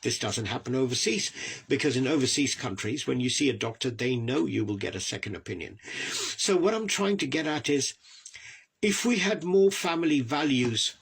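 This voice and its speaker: Husky man making his point. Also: medium pitch, lively intonation, normal speed, fairly bright tone. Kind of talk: conversational discussion.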